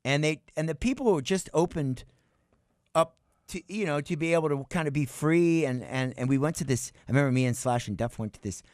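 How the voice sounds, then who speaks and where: A middle-aged man, a guest musician, telling tour stories on a radio show in an animated way, swearing and acting out other people's lines. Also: a little high, fairly quick, no echo, clean studio sound. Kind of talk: casual storytelling on a radio show. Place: radio studio.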